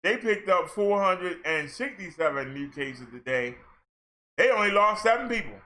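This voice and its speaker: Male vlogger, high voice, sarcastic ranting commentary. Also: lively intonation, normal speed, sharp tone. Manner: sarcastic, talks back at the figures he reads. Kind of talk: ranting commentary over case numbers.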